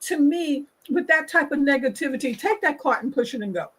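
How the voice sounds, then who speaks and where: A woman's voice: high voice, lively intonation, brisk, poor audio. A woman hosting a talk show, giving her opinion in an emphatic casual way and repeating her points. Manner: emphatic, repeats points, acts out quoted people.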